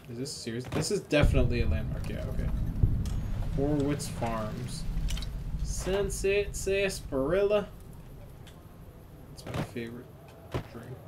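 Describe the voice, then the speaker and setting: A tired man streaming a video game, chatting casually, swearing freely and reacting loudly to the action. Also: medium pitch. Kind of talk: casual live gameplay commentary. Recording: noticeable background noise.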